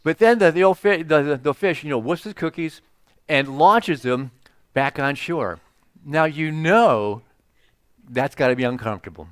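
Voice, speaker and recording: Joking pastor, fairly high voice. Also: male voice, animated, normal speed, a bit bright, clear, resonant tone, no echo. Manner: joking, conversational, many "you know" asides. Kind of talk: casual storytelling sermon.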